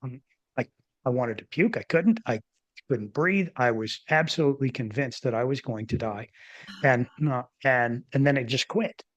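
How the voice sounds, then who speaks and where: A man in his fifties or older, a former doctor hosting a podcast, telling a personal story in a rambling, animated way with many restarts. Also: mid-range voice, moderate pace, highs cut off. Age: 50s or older. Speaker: podcast host, former physician. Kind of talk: casual interview storytelling.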